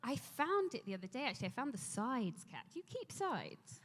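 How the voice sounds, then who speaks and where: An actress telling a rambling, animated story on a convention panel, laughing often. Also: female voice, on the high side, brisk. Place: large convention hall. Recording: echoey convention hall.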